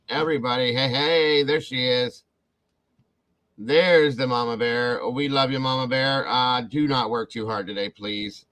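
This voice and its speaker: Bright-voiced male livestream host. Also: mid-range voice, poor audio. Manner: warm, effusive, calls out viewer names. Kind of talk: casual livestream chat, greeting viewers.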